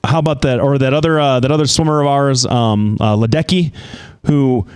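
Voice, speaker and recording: A man co-hosting a casual political talk show, speaking haltingly with many fillers. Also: mid-range voice, darkish tone, smooth, no room sound. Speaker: co-host.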